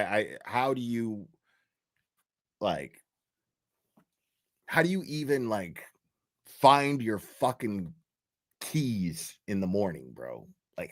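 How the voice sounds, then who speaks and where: A man's voice: fairly low pitch, dry recording, studio quality. A man giving a profane, exasperated reaction commentary, reading posts aloud and mocking them. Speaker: commentary streamer.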